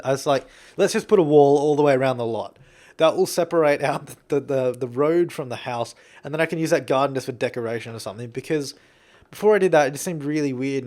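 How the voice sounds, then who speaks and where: A young Australian man talking casually over his building gameplay, rambling, chuckling and self-deprecating. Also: medium pitch. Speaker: game builder commentator.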